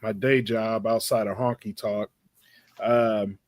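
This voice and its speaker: A man's voice: on the low side, slow, no echo. Podcast co-host, male, rambling crude storyteller, dry close sound. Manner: rambling, animated anecdote with crude language. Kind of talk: casual storytelling chat.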